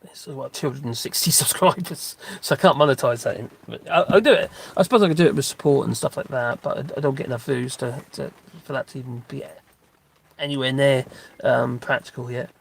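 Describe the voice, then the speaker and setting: A man's voice: mid-range voice, a little fast, gravelly, slight background noise. A middle-aged man, chatting in a rambling, casual way during a live stream while out walking his dogs, with lots of fillers and restarts. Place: outdoors on a dog walk.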